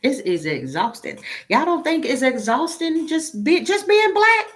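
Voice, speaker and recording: A woman's voice: high voice, big pitch swings, unhurried. A woman talking casually to her viewers as a tarot reader, sounding weary, exasperated and emotionally drained, blunt and swearing now and then.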